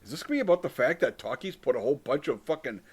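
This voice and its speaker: A man co-hosting a casual film podcast, animated and profane, often laughing. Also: medium pitch, racing, slightly rough. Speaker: podcast co-host. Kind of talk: casual film review chat.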